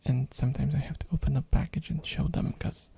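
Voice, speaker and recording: Hoarse from a throat infection, this soft-spoken ASMR streamer rambles close to a binaural mic with plenty of fillers and small giggles. She talks fairly quickly at a medium pitch, with fairly even intonation.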